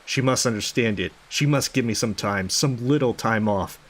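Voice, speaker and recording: A man's voice: medium pitch, moderate pace, close to an everyday voice. A man reading out the lines of an unhinged, sleepless male doctor in a game, rambling and swearing. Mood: muttering. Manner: rambling, swearing, paranoid muttering. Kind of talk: reading game dialogue aloud.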